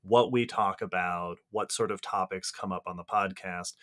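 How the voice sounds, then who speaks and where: Appreciative man hosting a podcast, lowish voice. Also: fairly even intonation, moderate pace, fairly bright tone. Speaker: podcast host. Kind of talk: casual conversation.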